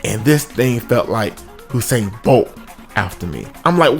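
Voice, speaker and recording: A man telling a comic story from his own life, with sudden high-pitched exclamations. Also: expressive, a little slow, creaky. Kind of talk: comedic story time. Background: faint music.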